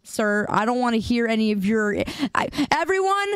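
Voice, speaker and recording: A woman's voice: on the high side, level tone, a little fast, smooth, no room sound, studio quality. A young woman streamer chatting with her viewers in a playful, teasing, mock-indignant way, on a streaming mic. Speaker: game streamer. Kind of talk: casual live-stream chat. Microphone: desk streaming mic with headphones.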